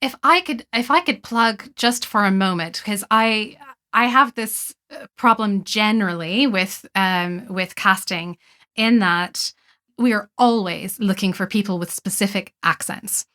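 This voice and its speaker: A woman's voice: medium pitch, a little slow, sharp tone. A woman interviewer talking in an earnest, persuasive way with filler words. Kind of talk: casual interview conversation.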